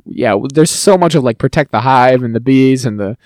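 A man's voice: mid-range voice, animated, brisk, darkish tone, dry recording, studio quality. A man co-hosting a podcast in casual chat, wry and mocking as he picks apart movie dialogue. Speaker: podcast co-host.

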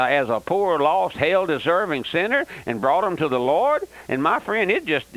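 A man's voice: high-pitched, fairly bright tone, poor audio. An older man preaching a fiery, emphatic radio sermon and repeating "that's right.". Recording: old radio broadcast.

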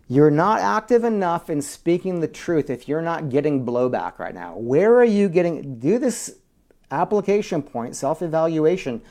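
A male pastor preaching a sermon. He reads scripture, calls for amens from the congregation, and moves between hushed whispers and rousing shouts with chatty asides. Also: fairly high pitch. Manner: call-and-response with the congregation.

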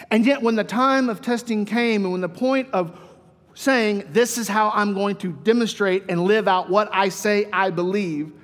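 The long reverb of a church hall surrounds this high-pitched male pastor during his sermon in the sanctuary. His delivery alternates between quiet, hushed stretches and raised, lively mock dialogue.

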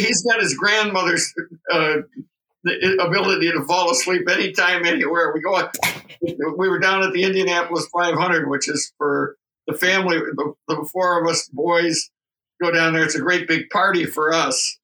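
A man's voice: fairly high pitch, steady tone, moderate pace, sharp tone, distant mic, poor audio. An older man, a grandfather, telling rambling family anecdotes with chuckles as a podcast guest. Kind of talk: casual storytelling.

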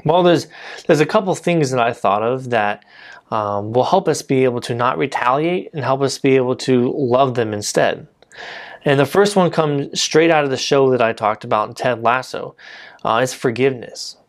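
A man's voice: mid-range voice, moderate pace. Guy preaching real casual, mid voice, lots of you know and like, keeps restarting sentences. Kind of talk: casual sermon.

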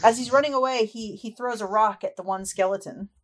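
Woman narrating as game master. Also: mid-range voice. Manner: lively, descriptive, quick laughs.

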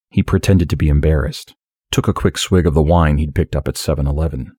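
A man reads a story aloud in a steady, measured audiobook style. His voice is very deep with a husky edge. The recording is dry and close, with no room sound. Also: no echo. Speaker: narrator. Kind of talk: audiobook narration.

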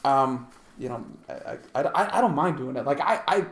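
A man's voice: mid-range voice, expressive, moderate pace, roomy sound. A man hosting a casual chat, rambling and joking with frequent swearing. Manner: rambling, profane, jokey. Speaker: podcast host.

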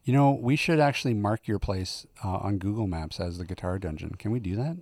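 A man's voice: lowish voice, brisk, darkish tone, no room sound. A man hosting a podcast in casual chat, joking and laughing often. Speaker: podcast host.

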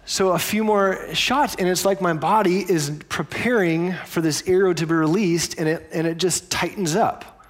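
A man's voice: high-pitched, fairly even intonation, moderate pace, hardly any pauses. A man preaching a sermon as pastor, telling stories in a conversational way with explanatory asides.

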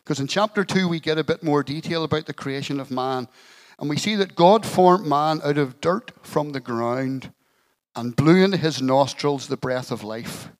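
A man's voice: fairly high pitch, normal speed, poor audio. A male pastor giving an earnest sermon in church, telling a story with a touch of light humour.

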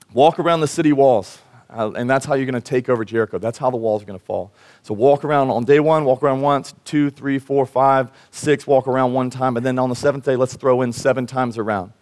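A man, a pastor, preaching a sermon in a casual, animated way and acting out Bible figures in everyday voices. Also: medium pitch.

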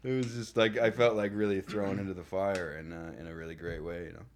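A man's voice: sits low, flat delivery, fast, over a noisy crowd. A man, an actor guest, telling casual anecdotes with lots of laughter and acted-out quotes. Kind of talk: casual storytelling chat.

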